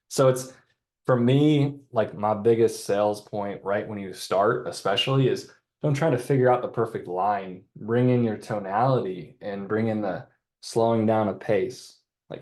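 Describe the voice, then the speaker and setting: A man giving a casual sales training on a video call, talking in a relaxed, chatty way and acting out sales lines. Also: lowish voice, a little slow. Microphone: computer mic on a video call.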